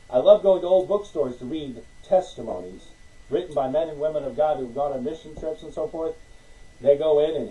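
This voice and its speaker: A man preaching a sermon in an animated way, acting out little conversations and laughing between points. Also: a little high, measured pace, long pauses, distant mic, low-quality recording. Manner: animated, acts out conversations with God, laughs often.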